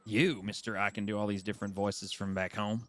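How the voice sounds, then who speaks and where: A man's voice: lowish voice, flat delivery, fairly quick, fairly bright tone. A man in in-character western roleplay chat, folksy and teasing. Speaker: roleplay player.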